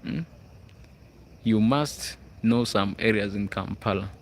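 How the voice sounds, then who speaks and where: A man's voice: on the low side, slow, a little hiss or hum. A man from Uganda with a Ugandan English accent, chatting casually on a livestream and reading out viewers' comments. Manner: chatty, reads out viewer comments, frequent "hmm?" check-ins. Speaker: livestream host. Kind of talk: casual live chat. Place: school grounds at night, outdoors.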